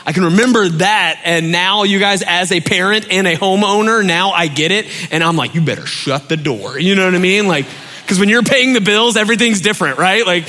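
Middle-aged man, pastor, bright, slightly high voice, chatty sermon delivery. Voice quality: animated storyteller, acts out shouting parents. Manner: conversational with many fillers, drops soft for key points.

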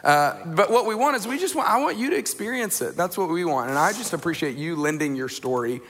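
A man's voice: fairly high pitch, sing-song, fairly quick, a bit bright, slight background noise. A man hosting a conversation, encouraging his guests to share their story. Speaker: host. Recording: reverberant room.

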